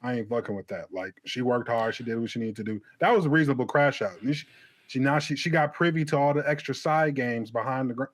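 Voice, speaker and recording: A man in casual podcast chat, laid-back and low-key, with his voice trailing off. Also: quick pace, dry recording.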